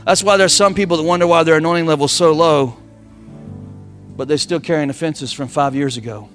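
A man's voice: on the high side, steady tone, fairly quick, fairly bright tone, soft background music. A man preaching a sermon, calling on the congregation to answer back. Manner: preaching with call-and-response. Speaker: pastor.

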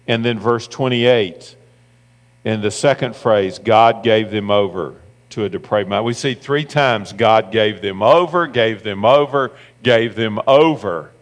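A man's voice: fairly low pitch, unhurried. A man preaching a sermon as pastor, reading scripture aloud and driving points home by repeating phrases. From United States. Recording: long hall reverb with mains hum.

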